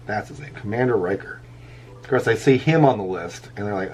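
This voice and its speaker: This middle-aged vlogger has a fairly low voice and keeps a moderate pace. He draws as he chats casually, wanders through a story and frequently laughs at his own jokes, over faint background music.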